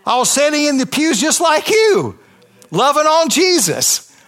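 A high-pitched man preaches his testimony before a church congregation. He talks to them conversationally but with rising passion, leaning on emphatic repetition. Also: very animated, unhurried, a bit bright. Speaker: pastor. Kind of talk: testimony sermon.

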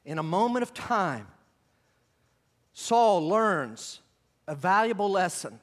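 This is a man delivering a sermon in a notably high voice. He shifts often from soft, low asides to loud, climbing emphasis as he drives his points home. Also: sing-song, slow pace, pauses often, long reverb tail. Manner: preaching with swings between quiet asides and loud, high emphatic runs. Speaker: pastor.

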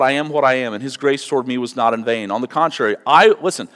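A man's voice: medium pitch, racing, few pauses, a bit bright. Male pastor, sermon, earnest, punches key words, long reverb tail from a church hall. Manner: earnest, emphatic on scripture, asks the room "okay?".

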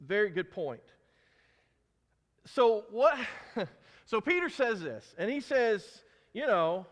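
A man's voice: high-pitched, very animated, takes it slowly, long reverb tail. A man preaching a sermon, emphatic and asking his listeners questions as he teaches. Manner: emphatic, asks the congregation questions. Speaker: pastor.

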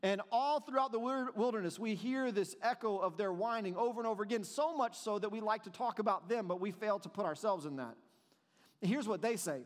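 A man preaching a sermon, moving between soft, drawn-out passages and emphatic, animated questions. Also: high voice, long reverb tail. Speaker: pastor.

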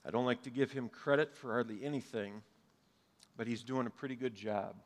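Pastor preaching in a reverberant hall. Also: male voice, medium pitch, moderate pace. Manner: earnest, conversational preaching with light humor. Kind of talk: sermon. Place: church sanctuary, live and streamed.

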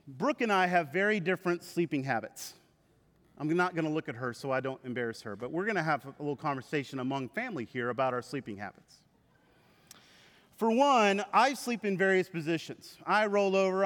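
A man preaching a sermon to his church, with animated storytelling. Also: high-pitched. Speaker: pastor. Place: church sanctuary. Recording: reverberant hall.

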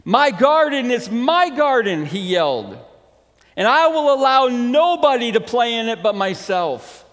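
Man reading as a selfish, yelling storybook giant, raised pitch, loud and harsh. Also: sing-song, normal speed, few pauses, big-room sound. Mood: angry yelling.

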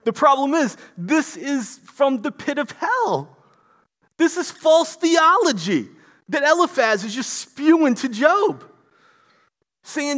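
A man's voice: very high voice, very animated, takes it slowly, fairly bright tone. A man preaching an impassioned sermon, rhetorical and repetitive. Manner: impassioned, rhetorical, repeats himself.

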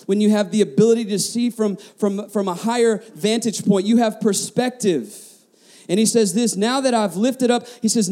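A man's voice: high voice, a little mellow. A man preaching a sermon as a pastor, passionate, often repeating words and asking the congregation questions.

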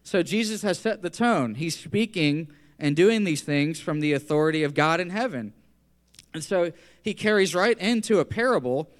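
Animated man preaching a sermon. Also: fairly high pitch, moderate pace. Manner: animated storytelling, acting out quotes. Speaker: pastor.

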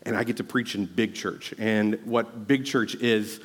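A male pastor preaching a sermon, telling a personal story earnestly and rising to loud, emphatic exhortation. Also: lowish voice, fairly even intonation, a little slow, breathy edge, big-room sound.

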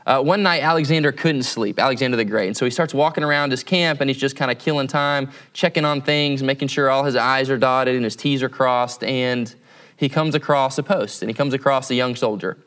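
A man's voice: mid-range voice, brisk, a bit bright. A man preaching as a campus pastor in a conversational sermon, often checking in with tag questions.

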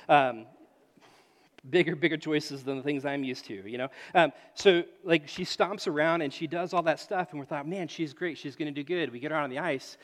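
A man's voice: fairly high pitch, normal speed. A man in his late thirties preaching a sermon, telling stories and acting out voices, often repeating his phrases. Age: late 30s. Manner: animated storytelling, acts out voices, repeats phrases. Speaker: pastor. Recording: echoey hall.

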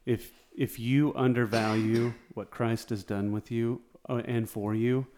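A man's voice: medium pitch, fairly even intonation, a little slow, a little mellow, a little hiss or hum. A man co-hosting a casual Christian talk show, giving direct, affirming remarks. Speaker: co-host. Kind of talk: casual Bible discussion.

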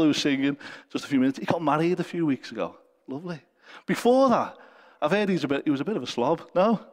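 A man preaches a sermon in a high, bright-pitched voice, earnest and conversational with occasional gentle jokes. His words ring out with a long church-hall reverb. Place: church service.

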